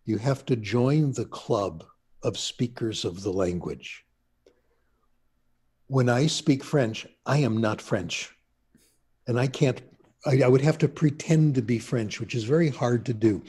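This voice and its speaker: Older man, husky mellow storyteller. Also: medium pitch. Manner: chatty anecdotal storyteller, laughs at himself. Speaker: interview guest, linguist. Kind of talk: casual storytelling.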